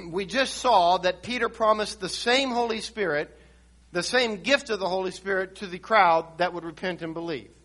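Bright high-voiced male preacher. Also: moderate pace. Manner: emphatic teaching with frequent restarts; reads and explains scripture verse by verse. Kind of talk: sermon.

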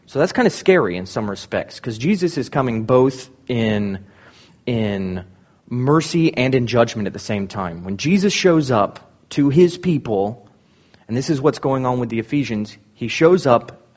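A man's voice: mid-range voice, lively intonation, measured pace, darkish tone, dull audio. A man preaching a sermon, reading scripture aloud and then explaining it with rising emphasis.

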